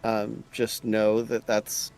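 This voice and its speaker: A man chatting in an easygoing way and calling out quick instructions while playing an online game over a headset mic. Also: lowish voice, completely flat delivery, darkish tone, smooth. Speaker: group player. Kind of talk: casual chat while gaming.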